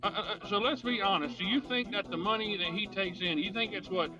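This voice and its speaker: A man with a high voice hosts a laid-back podcast and tells stories in a loose, profane, stop-and-start way. Music plays clearly behind him. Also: fast, lo-fi sound. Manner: rambling, profane storytelling with restarts. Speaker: podcast host. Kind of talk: casual podcast chat.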